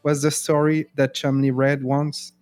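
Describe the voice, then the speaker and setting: A man's voice: on the high side, level tone, unhurried, darkish tone, faint music behind. A man in casual stream banter who speaks hesitantly and stumbles over his words.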